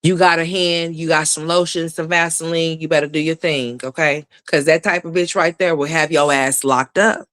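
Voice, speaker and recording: A woman's voice: low voice, steady tone, normal speed, few pauses, fairly bright tone, dry recording. A woman hosting reaction commentary, blunt and profane, firing off rhetorical questions. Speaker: commentary channel host.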